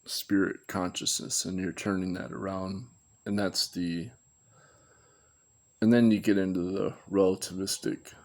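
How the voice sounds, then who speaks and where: A man's voice: sits low, vocal fry, darkish tone. A man giving a rambling, unscripted commentary, thinking aloud and correcting himself as he goes. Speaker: video commentator.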